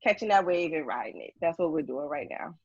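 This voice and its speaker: A woman with a fairly low voice chats as a podcast guest, rambling and leaning on fillers. Her mic sounds muffled and dull, with a dry, close sound. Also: expressive, brisk, a little mellow, husky, dry recording. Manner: rambling, heavy use of like and you know. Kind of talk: casual podcast conversation.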